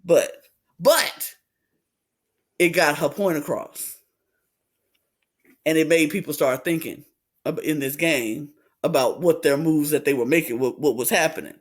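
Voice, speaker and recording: High-pitched guy doing a gossipy reality tv recap, acting out everybody's lines. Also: unhurried, pauses often. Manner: animated retelling, acts out quotes with big pitch swings. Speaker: podcast co-host. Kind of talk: casual reality-TV recap chat.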